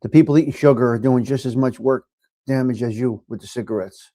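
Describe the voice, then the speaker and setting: A middle-aged man with a New York accent hosting a casual live chat, giving blunt, profane tough love to viewers and swinging from low mutters to loud outbursts. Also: a little fast, no echo, studio quality. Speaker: livestream host reading chat.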